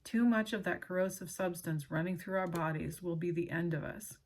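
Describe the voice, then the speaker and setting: An earnest woman reads aloud from a book on her own channel, stopping for casual asides. Her voice is soft and breathy with a slightly husky edge. It sits a little low, and her emotion shows as she reads. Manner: earnest and emotional, pausing often to apologize.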